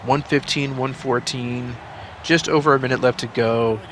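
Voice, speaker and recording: A man calling play-by-play over a basketball video game, excitable and jumping up in pitch on big plays, with chatty asides in between. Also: normal speed, background noise. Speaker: gaming channel host.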